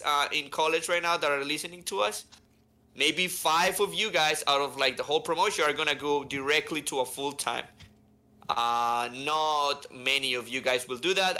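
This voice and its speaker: Bright-voiced animated male podcast host. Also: fairly high pitch. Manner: animated, keeps asking "right?". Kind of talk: casual storytelling chat.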